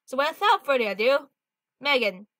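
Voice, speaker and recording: A woman's voice: high-pitched, big pitch swings, moderate pace, fairly bright tone, no echo, clean studio sound. Smug young bachelor, read by a woman. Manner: smug, condescending.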